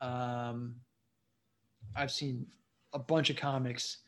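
A man's voice: medium pitch, level tone, takes it slowly. A man, a stand-up comedian, telling stories casually in a podcast interview, rambling with lots of "you know what I mean.". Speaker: comedian guest.

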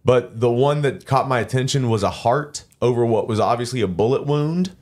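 A man's voice: medium pitch, normal speed, darkish tone. A man on a podcast, casually telling a story with lots of swearing, acting out both sides of an argument in quoted voices. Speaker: podcast co-host. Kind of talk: casual chat.

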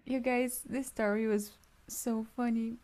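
A woman's voice: fairly high pitch, fairly even intonation, measured pace, mellow. A woman, a music student, telling stories in casual chat, upbeat and laughing mid-sentence.

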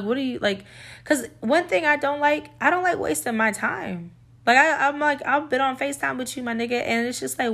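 A young woman sits at her mic for a casual storytime, speaking a little higher than most. She is frank and animated, drops swear words without a second thought, and keeps turning to address the audience directly. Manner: blunt and expressive, swears freely, talks straight to listeners. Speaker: podcast host.

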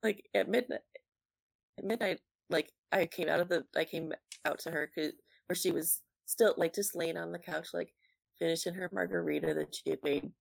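Young woman, early 20s, very gravelly low-ish voice, dry sound, chatty storyteller. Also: steady tone, normal speed, dry recording. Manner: chatty, lots of "like", acts out quotes. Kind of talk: casual storytelling.

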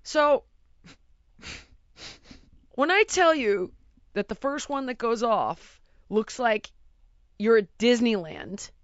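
A middle-aged woman telling a story in casual chat, animated and exasperated, acting out sounds and voices. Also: on the high side, takes it slowly, pauses often, no echo, dull audio.

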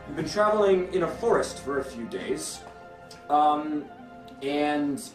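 A man's voice: a little high, animated, a little slow, recorded from a distance. A man hosting a podcast and narrating as a new game master, hesitant and laughing often. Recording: echoey room, voice from off-mic, faint music.

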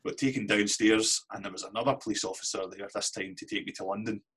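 Brief: Scottish man, low husky voice, candid anecdotal guest. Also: fairly even intonation, fast, fairly bright tone. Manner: candid anecdotal storyteller, swears casually. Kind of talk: casual storytelling interview.

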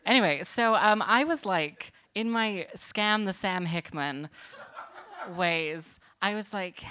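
A woman's voice: mid-range voice, animated, slow, fairly bright tone, slight background noise. A woman harpist doing comedic stage banter between songs, sardonic and self-deprecating, with rambling asides. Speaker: harpist and songwriter.

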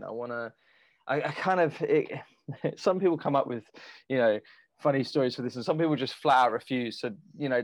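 A man's voice: medium pitch, no room sound. Hesitant male podcast host. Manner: hesitant, self-interrupting, laughs while asking. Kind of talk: casual interview chat.

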